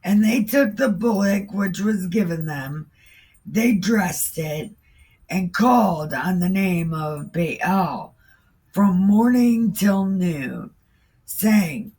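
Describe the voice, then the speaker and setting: A woman's voice: lowish voice, animated, very slow, darkish tone, husky. A woman reading a Bible story aloud in a casual way, breaking in with irreverent, profane asides. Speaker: host reading scripture.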